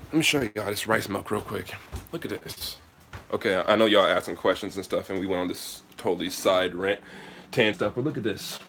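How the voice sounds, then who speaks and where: A man's voice: low voice, brisk, vocal fry, fairly bright tone, a little hiss or hum. A man hosting a casual live Q&A outdoors, talking in a laid-back, slangy way into a hand-held phone. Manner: laid-back slangy talk, answers viewer comments. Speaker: host.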